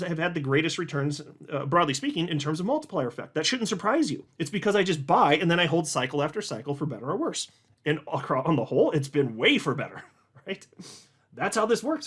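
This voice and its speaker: Brief: man, casual commentary host, blunt and emphatic, voice sits a bit high. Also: a bit bright, breathy edge. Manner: blunt, emphatic, conversational, with frequent uh fillers. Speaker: host of a crypto market channel. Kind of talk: casual market commentary, reading posts aloud.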